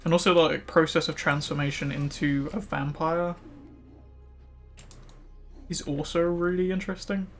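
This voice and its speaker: A man's voice: on the high side, steady tone, normal speed, long pauses. Chatty man over faint music. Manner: rambling, many fillers like "like". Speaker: streamer. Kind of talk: casual chat while gaming.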